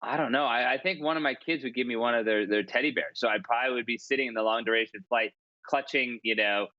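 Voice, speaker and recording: A man's voice: mid-range voice, fast talker, dry recording, muffled recording. A man in his forties, a columnist telling stories as a podcast guest, chatty and self-deprecating with frequent restarts. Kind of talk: casual storytelling interview.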